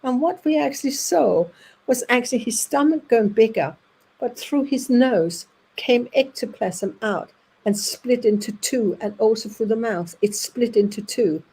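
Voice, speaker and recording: Danish woman storyteller, mellow husky voice, animated delivery that acts out the voices. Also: fairly high pitch, rough recording. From Denmark. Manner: lively, acts out voices in her anecdotes, with halting restarts. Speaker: speaker at an audience evening. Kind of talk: anecdotal storytelling to an audience.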